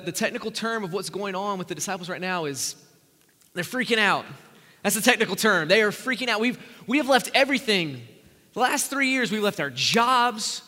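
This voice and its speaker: A man preaching a sermon as a pastor, animated, with humorous asides and repeated words. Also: high voice, big-room sound.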